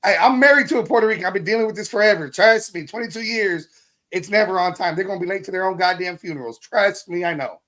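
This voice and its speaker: A high-voiced man joins a fan live stream as a guest. He talks bluntly, swears casually and ribs the host. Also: quick pace, fairly bright tone. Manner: blunt, profane, ribbing. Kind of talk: casual chat.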